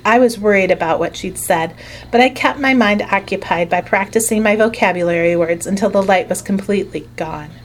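A woman narrates a children's story with expressive, lively storytelling. Her voice is middle-pitched, with a faint hiss of noise behind it. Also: a little fast. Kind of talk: audiobook narration.

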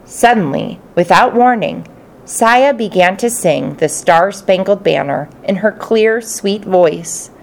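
Expressive woman narrating a storybook. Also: medium pitch, takes it slowly, vocal fry. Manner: expressive, playful character voices. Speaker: audiobook narrator. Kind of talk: first-person storybook narration.

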